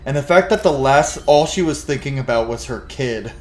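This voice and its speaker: A man hosting a let's play, talking through the game in a loose, unscripted way. He is candid about his feelings and swears freely. His voice sits at an ordinary middle pitch. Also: expressive, normal speed, a little mellow. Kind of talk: casual gameplay commentary.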